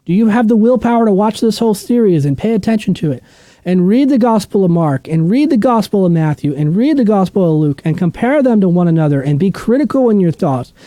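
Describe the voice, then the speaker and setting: A man leading a relaxed Bible study, blunt and opinionated, who keeps asking questions and then answering them. His voice sits fairly high and swings widely in pitch, with a mellow, dark tone. The sound is dry, with no room echo. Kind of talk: casual unscripted teaching.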